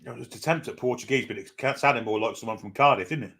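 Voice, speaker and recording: A man's voice: medium pitch, fast, a bit bright, husky. A man co-hosting a fan match watchalong, chatting through the play with dry, wry remarks. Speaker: co-host and pundit. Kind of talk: casual fan match punditry.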